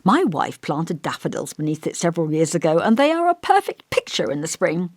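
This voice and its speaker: Lady reading as a fussy gentle vicar, scholarly and over-polite, voice swooping up and down, dry sound. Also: fairly low pitch, sing-song, normal speed, no room sound. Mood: genial. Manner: kindly, hesitant, over-polite. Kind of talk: audiobook character voice.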